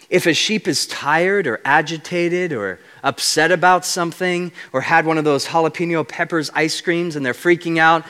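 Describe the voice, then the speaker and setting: A man preaching a sermon as a guest speaker, animated and playful as he unpacks Hebrew words. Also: fairly high pitch. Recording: long reverb of a large hall.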